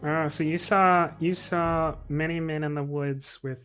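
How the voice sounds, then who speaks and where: A male player at a tabletop game asks pointed questions in character. His voice sits somewhat high for a man. Faint music plays in the background. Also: fairly even intonation, unhurried, a bit bright.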